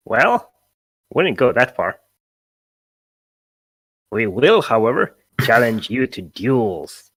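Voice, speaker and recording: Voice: mid-range voice, a bit bright, no room sound, exaggerated voice, poor audio. A man voicing a small pixie who guards a forest pool, speaking formally and dutifully. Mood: polite.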